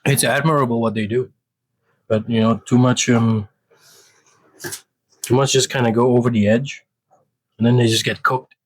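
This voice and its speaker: A man at mid pitch talks to camera from his home kitchen, dry and close to the mic. He rambles in a deadpan way, stalling on fillers and restarting his sentences. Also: normal speed, long pauses, no echo. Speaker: home cook vlogger. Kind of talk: rambling casual monologue while cooking.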